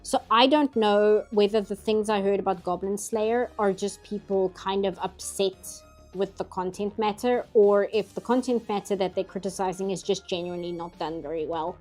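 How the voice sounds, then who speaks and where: A woman hosts a casual livestream chat, talking easily, laughing often, and putting on mock outrage. Her mid-range voice is a little mellow with fairly even intonation and normal speed, over soft background music.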